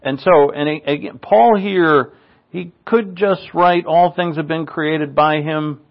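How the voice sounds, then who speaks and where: A man preaching a sermon in an earnest manner, his pitch rising on rhetorical questions. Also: slow, dull audio.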